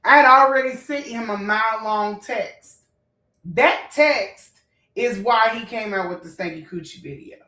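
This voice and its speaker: Woman venting to her followers, cussing, kinda high voice, echoey room. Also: unhurried, sharp tone, far from the mic. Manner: blunt, profane, emotional, talks straight to viewers. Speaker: vlogger. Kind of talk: heated storytime rant.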